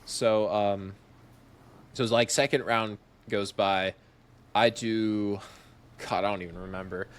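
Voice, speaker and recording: A man's voice: lowish voice, measured pace, long pauses. Young man telling a story with laughs. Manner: animated, laughs often, acts out quotes. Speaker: podcast guest. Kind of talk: casual storytelling.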